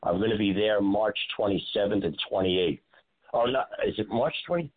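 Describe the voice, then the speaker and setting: Jersey-accented male comic guest, lively delivery, phone-line sound. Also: on the low side, moderate pace, breathy edge. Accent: New Jersey. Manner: friendly, talkative, plugs his shows. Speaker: comedian guest. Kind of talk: casual radio interview.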